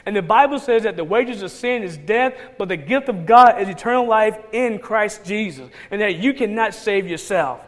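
Man preaching with a very high voice, acts out the crowd's lines, big church hall echo. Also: lively intonation, moderate pace, few pauses. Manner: retells scripture, acting out the crowd's lines. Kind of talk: sermon. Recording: long reverb of a large hall.

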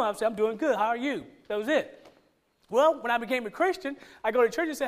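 A pastor with a high-pitched voice preaches in a relaxed, conversational way. He fires off one rhetorical question after another and teases the congregation in between. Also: fast. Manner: asks many rhetorical questions; informal, joking with the congregation. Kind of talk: conversational sermon.

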